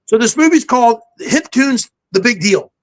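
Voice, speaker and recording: An older man, a podcast guest, telling stories in a brisk, self-assured way. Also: extremely high pitch, expressive. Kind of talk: casual podcast chat. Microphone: home setup with a backdrop.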